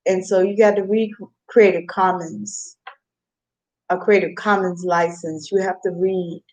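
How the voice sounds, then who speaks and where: A woman's voice: lowish voice, steady tone, measured pace, a little mellow. A woman vlogging in a meandering, casual monologue, repeating herself as her thoughts wander. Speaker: mukbang vlogger.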